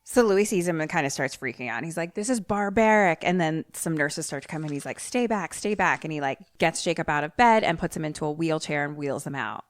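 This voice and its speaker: A woman's voice: low voice, fast, hardly any pauses, no room sound. A woman co-hosting a podcast in casual chat, rambling as she recaps a film and breaking into raised voices when she quotes characters. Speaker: podcast co-host.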